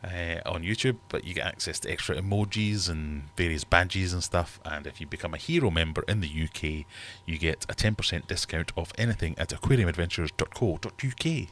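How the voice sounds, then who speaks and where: A deep-voiced British livestream host in his thirties talks briskly, with few pauses and a fairly bright tone. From his fish room, he rambles and jokes through viewers' comments over slight background noise.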